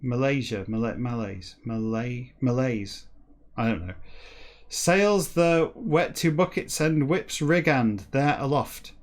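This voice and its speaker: A man reading a classic novel backwards for comedy, slow and halting word by word, breaking off for quick muttered asides. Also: mid-range voice. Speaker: comedy podcast reader.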